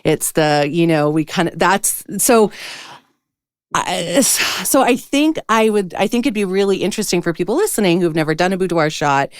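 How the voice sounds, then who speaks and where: A woman hosting a podcast, chatting casually with her guests in an effusive, excitable way. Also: fairly low pitch, moderate pace, smooth, no room sound, clean studio sound. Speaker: podcast host. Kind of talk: casual interview chat.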